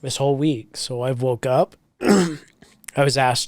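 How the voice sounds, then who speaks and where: A man's voice: mid-range voice, slow pace, no echo. A man co-hosting a podcast, talking in a laid-back, casual way about his work week. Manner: laid-back, laughs often, rises when joking. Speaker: podcast co-host; works for a paving company. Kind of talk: casual chat.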